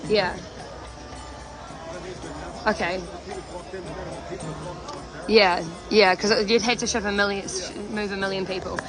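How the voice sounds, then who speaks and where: A woman's voice: medium pitch, steady tone, takes it slowly, long pauses, poor audio. Kiwi woman chatting straight to her stream on a phone, crowd noise and music all around outside. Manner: chatty, talks straight to viewers. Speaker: livestreamer. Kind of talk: casual live-stream chat. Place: outdoors at a noisy protest camp. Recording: outdoor crowd and music behind.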